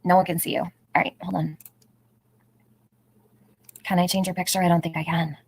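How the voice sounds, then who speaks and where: A woman's voice: fairly low pitch, level tone, moderate pace, vocal fry, husky, poor audio. A middle-aged woman hosting a casual livestream, chatting, greeting viewers by name and laughing often. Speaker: livestream host.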